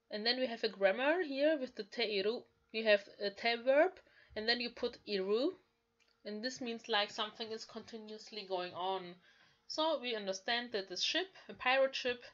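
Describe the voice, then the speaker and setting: A woman's voice: medium pitch, lo-fi sound. A woman, carefully explaining Japanese lines from a manga as a language learner, often saying "like". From Germany. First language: German. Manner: slow, careful explaining with frequent "like".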